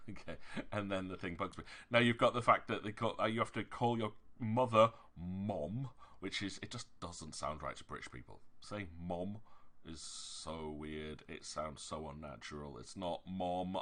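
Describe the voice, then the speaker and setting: A man's voice: low-pitched, normal speed, a bit bright. A man with a Yorkshire accent chatting casually while streaming a game. He rambles, hesitates and corrects himself often, with an exasperated, emphatic edge.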